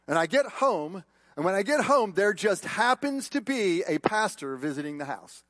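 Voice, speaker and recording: A male pastor preaching a sermon, telling personal stories with repeated words and shifting from loud emphasis to hushed tones. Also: sits high, big pitch swings, no room sound. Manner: storytelling with repeated words and quick asides. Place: church.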